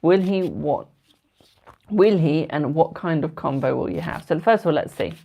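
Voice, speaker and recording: A twenty-year-old man from the United Kingdom does tarot readings on a live stream, chatting casually and calling viewers darling and boo. His voice is a little high yet dark-toned and creaky, with lively intonation at a moderate pace.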